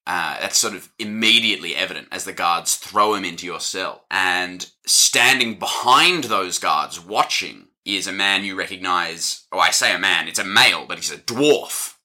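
Bright, playful male game master. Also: deep voice, normal speed, few pauses. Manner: playful, rambling narration. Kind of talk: narrating a tabletop game.

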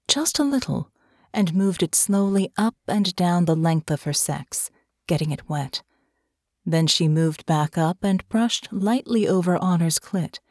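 A woman narrating a story with a slow, measured reading. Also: lowish voice, darkish tone, no room sound, clean studio sound. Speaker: audiobook narrator. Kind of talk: scripted narration.

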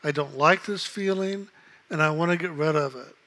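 A man calmly telling a personal story in a reflective, unhurried way, acting out the voices of others in it. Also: on the high side. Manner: calm, unhurried, reflective, acts out quoted voices. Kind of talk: casual spoken storytelling.

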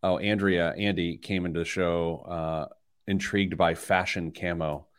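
Animated middle-aged male radio host, deep voice. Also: measured pace, smooth. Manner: animated storyteller, rising loud when excited. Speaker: radio show host, financial planner. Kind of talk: casual studio banter.

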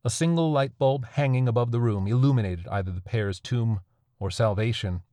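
A man narrating a dark horror story in a measured, grim way. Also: medium pitch, dry recording.

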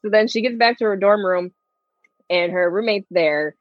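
A woman's voice: mid-range voice, moderate pace, no room sound, dull audio. A woman chatting casually on a podcast, retelling stories with lots of "like" and acted-out quotes. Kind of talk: casual chat.

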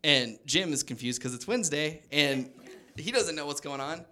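Bright-voiced man telling a stand-up story. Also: on the high side, animated, moderate pace. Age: 30s. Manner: rambling storytelling with acted-out quotes. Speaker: stand-up comedian. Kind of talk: stand-up comedy set. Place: stage before a laughing audience.

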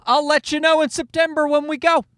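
A man's voice: very high-pitched, flat delivery, fairly quick, fairly bright tone, dry recording, studio quality. A man in his thirties hosting a casual solo podcast, telling a story in a profane, self-mocking way. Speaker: podcast host.

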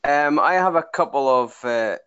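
A man's voice: medium pitch, animated, moderate pace, a bit bright, clean tone, no room sound, highs cut off. A man with a Scottish accent, a fitness coach, hesitantly asks a question over a video call. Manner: hesitant, with frequent "uh" fillers.

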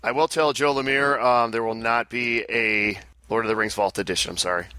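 A man's voice: mid-range voice, fairly even intonation, a little fast, sharp tone, clean tone, no room sound. A man hosting a podcast, joking and teasing his co-host in casual banter on a close mic.

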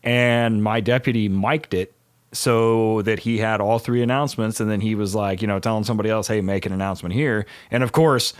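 Blunt, laughing K-9 trainer host. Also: male voice, fairly low pitch, a little fast, clean tone, dry recording, clean studio sound. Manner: laughing, blunt and animated when making a point. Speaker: podcast host and canine trainer. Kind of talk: casual podcast chat.

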